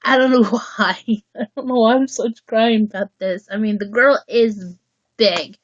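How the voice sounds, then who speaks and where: A woman hosting a casual livestream chat, rambling and halting as she restarts her sentences. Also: fairly high pitch, steady tone, dry recording, highs cut off. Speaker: livestream host.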